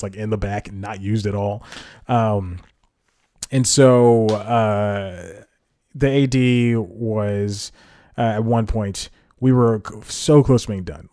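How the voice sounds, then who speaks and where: Male comedy podcast host, rambling self-correcting monologue delivery, dark mellow tone. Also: on the low side, no echo, studio quality.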